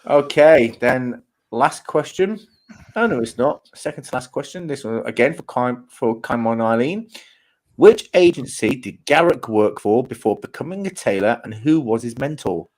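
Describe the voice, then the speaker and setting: A man's voice: medium pitch, animated, normal speed, a little mellow. A man hosting a casual trivia quiz and teasing the players. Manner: joking, teasing. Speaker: quiz host.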